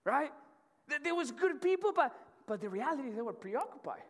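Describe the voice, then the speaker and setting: A pastor with a very high-pitched, sing-song, fairly bright voice preaches a casual sermon to college students at normal speed. He talks in a loose, slangy way, restarting often and repeatedly asking the crowd "right?". The church auditorium gives a long, large-hall reverb.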